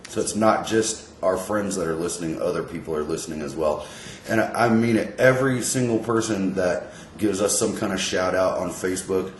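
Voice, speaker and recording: Deep-voiced man in casual podcast chat. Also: brisk, hardly any pauses, echoey room, a little hiss or hum. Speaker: podcast co-host.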